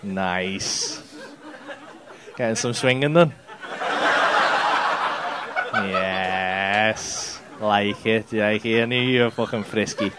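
A male stand-up comedian, teasing the audience in sweary banter on a comedy club stage. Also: mid-range voice. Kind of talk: crowd work at a comedy club. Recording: noisy live club recording. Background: audience laughter.

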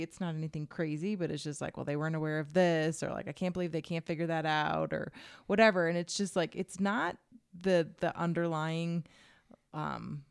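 A woman co-hosting a casual advice chat, speaking haltingly with frequent restarts and light laughter. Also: deep voice, gravelly, a little mellow, smooth, dry recording, clean studio sound. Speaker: podcast co-host.

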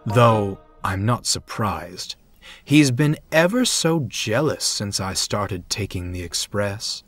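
A man's voice: fairly low pitch, animated, slow pace, fairly bright tone, soft background music. A man voicing a smug, scheming male steam engine who talks slyly and feigns innocence. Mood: falsely innocent. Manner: sly, self-satisfied, feigned innocence.

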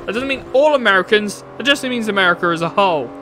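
A man's voice: high-pitched, animated, quick pace, bright, forceful tone, slight background noise. A British man streaming a racing game, ranting bluntly and opinionated, swearing now and then. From United Kingdom. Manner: opinionated, blunt, swears, laughs at own jokes. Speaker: gaming streamer. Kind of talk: casual rant while playing.

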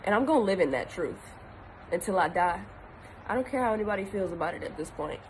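A woman's voice: medium pitch, lively intonation, quick pace, a little hiss or hum. A tearful woman giving an earnest personal video message, often repeating herself for emphasis. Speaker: actress.

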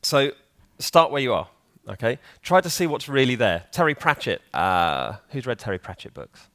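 A man's voice: mid-range voice, very animated, normal speed, fairly bright tone, no room sound, studio quality. A man giving a conference talk in a conversational way, often putting questions to the audience. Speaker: conference speaker. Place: conference hall.

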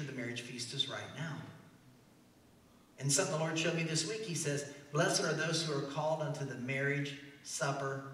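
A man with a Midwestern American accent, a pastor preaching an animated sermon that swings between loud declarations and soft asides. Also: fairly high pitch, far from the mic. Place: large church hall. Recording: echoey church hall, heard from afar.

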